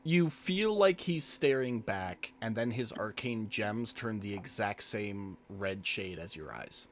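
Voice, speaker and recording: A man narrating and running a tabletop game as game master, describing scenes in a relaxed way with pauses. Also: fairly low pitch, slight background noise.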